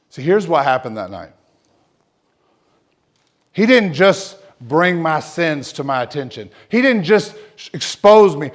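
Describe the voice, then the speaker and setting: A man preaching an emotional personal testimony as a pastor, dropping to near whispers and then rising loud and fervent. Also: medium pitch, big pitch swings, measured pace. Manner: emotional testimony, swings from hushed to loud, repeats himself. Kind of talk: sermon.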